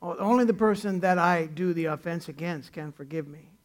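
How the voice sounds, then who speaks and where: A man's voice: on the high side, brisk. A man pastor preaching a sermon in a conversational way, acting out the people he quotes.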